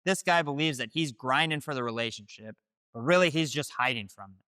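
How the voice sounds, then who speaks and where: A man's voice: medium pitch, fairly quick, sharp tone, no room sound, clean studio sound. A man hosting, delivering scripted dating-advice commentary in a direct, declarative way. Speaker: host.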